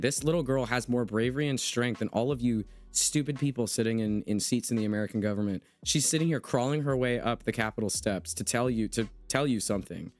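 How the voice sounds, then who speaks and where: A man's voice: mid-range voice, fast, few pauses, faint music behind. A man hosting a livestream conversation with a guest, talking in an emphatic, impassioned way and reading out chat comments as he goes. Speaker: livestream host interviewing a guest.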